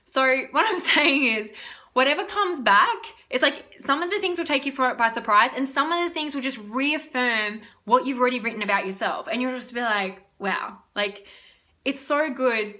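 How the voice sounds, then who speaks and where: A woman's voice: high voice, moderate pace, pushed and bright. A young woman, talking in a casual, rambling motivational vlog as a spiritual reader, often laughing.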